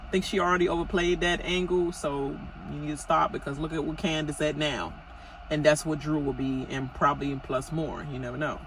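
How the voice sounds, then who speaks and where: A woman talks through a reality-TV recap like she is gossiping with a friend. Her voice is bright and sharp, and she fills it with ums and pointed remarks aimed at the cast. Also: deep voice, flat delivery, fairly quick, slight background noise, poor audio. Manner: gossipy and chatty, many fillers, talks straight to cast members. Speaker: TV recap vlogger. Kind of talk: casual reality-TV recap rant.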